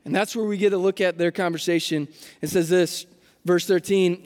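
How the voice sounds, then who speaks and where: A man preaching a sermon in a casual, animated storytelling way, often restarting his words. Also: high voice, normal speed. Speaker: pastor. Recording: long hall reverb.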